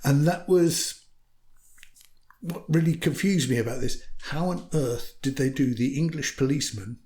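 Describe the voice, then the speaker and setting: A man's voice: medium pitch, normal speed, a little mellow. Male storyteller from the UK, casual interview guest, anecdotal and wry. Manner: chatty, anecdotal, dry humour. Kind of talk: casual conversation.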